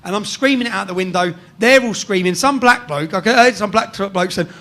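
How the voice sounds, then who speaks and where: An English man telling a rough story in casual chat, swearing freely and tagging sentences with "yeah?". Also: sits high, fairly quick, fairly bright tone. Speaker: guest storyteller.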